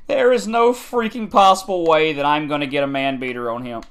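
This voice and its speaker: A man's voice: a little high, brisk, few pauses, a bit bright, smooth. A man giving frustrated, ranting gameplay commentary on a football video game, repeating his complaints over and over.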